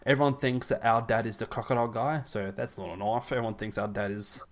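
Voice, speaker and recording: A man's voice: medium pitch, fairly even intonation, fast. Laughing Australian man hosting a podcast. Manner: laughs often, joking, reads out lists. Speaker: podcast host. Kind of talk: casual chat.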